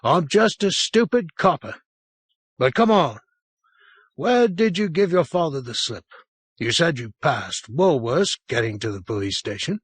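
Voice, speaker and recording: A man's voice: fairly high pitch, lively intonation, a little slow, breathy edge, no room sound, pitched above the performer's own voice. A man reading an audiobook, playing a big, tired police sergeant who talks with dry, patient teasing.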